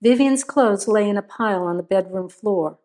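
A woman reading a crime story aloud in a steady, measured narration. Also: medium pitch.

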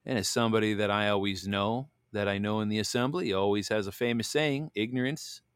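Low-voiced man giving a rambling devotional talk. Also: fairly quick, clear, resonant tone, dry recording, clean studio sound. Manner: rambling storyteller, many "you know" fillers. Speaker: host of a Bible devotional show. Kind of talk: casual devotional talk with scripture reading.

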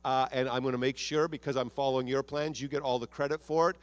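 A man preaching a sermon as pastor of a church, animated and acting out prayers and quotes in his own voice. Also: mid-range voice, fast talker, dry recording.

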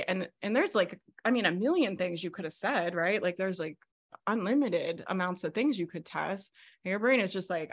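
A woman coaching on a video call. She talks fast and animatedly, with many fillers. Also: mid-range voice, expressive. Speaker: business coach.

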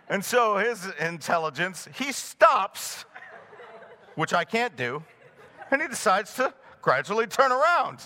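Brief: middle-aged man, pastor preaching, high voice, chuckles through a story. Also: a little slow. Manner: animated storytelling, chuckling often. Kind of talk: sermon with a personal story. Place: in front of a live congregation.

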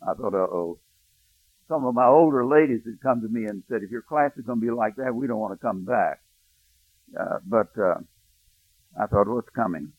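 A male pastor preaching a sermon, telling a personal story, hushed in tender moments and rising to emphatic preaching. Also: on the low side, lively intonation, moderate pace, pauses often, no echo. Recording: dry, thin phone-like sound.

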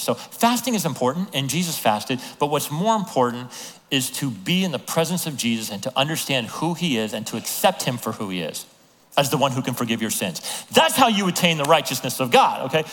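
A man preaching a sermon as a pastor, telling the story with lively acted-out voices of the people in it. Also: medium pitch, fairly quick. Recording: long hall reverb.

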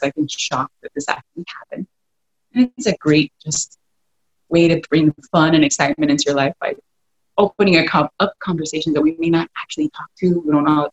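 A woman hosting a wellness podcast, reading a story excerpt aloud and then talking gently and encouragingly to her listeners. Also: low voice, gravelly, muffled recording.

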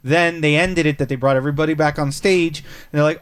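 A man's voice: a little high, fairly even intonation, fairly quick, smooth. A man talking casually in a group chat, rambling and restarting as he tells a story.

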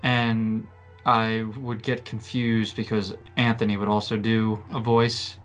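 A man's voice: on the low side, completely flat delivery, slow, faint music behind. A man chatting casually on a podcast about playing a tabletop game, hesitant and self-mocking.

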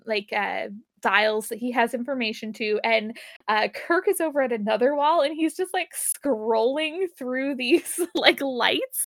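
A woman with a high, bright voice talks loosely and laughs often as she walks through an episode's plot. She keeps acting out lines of dialogue. The sound is close and dry, with no room around it. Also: measured pace, dry recording. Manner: giggly, rambling, acts out characters' lines. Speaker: podcast co-host recapping an episode. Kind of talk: casual chat.

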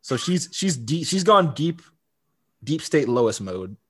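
A man's voice: a little high, big pitch swings, slow pace, breathy edge. A man talking through a TV episode on a podcast in an easy, conversational way. He laughs often and trips over himself, repeating words as he goes. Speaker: podcast co-host. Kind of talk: casual TV episode recap.

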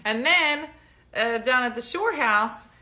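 A middle-aged woman hosts a casual home livestream, her voice bright and lively as she tells mock-outraged stories. Her speech swings widely in pitch and she laughs often. A faint hiss sits under the phone mic. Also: slow pace. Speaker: livestream host. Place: home, indoors.

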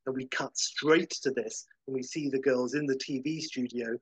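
Podcast host, husky, dry close mic, rambling comic pitch narration. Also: male voice, steady tone, normal speed, no room sound, low-quality recording. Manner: casual and rambling, full of "like" and "uh".

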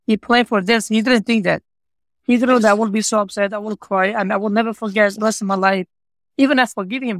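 In a high voice with no echo, a man who owns a pizza shop appears as an interview guest and earnestly shares his personal story. His English is non-native with broken grammar, and he repeats himself and keeps saying "you know, like." He comes across as heartfelt and repetitive.

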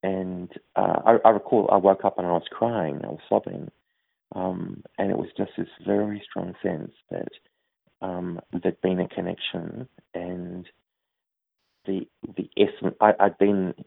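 A man answering interview questions in a thoughtful, hesitant way, with many pauses and fillers. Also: sits low, vocal fry, husky, no echo. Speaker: grief organization head, interview guest. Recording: tinny phone-like line, dry.

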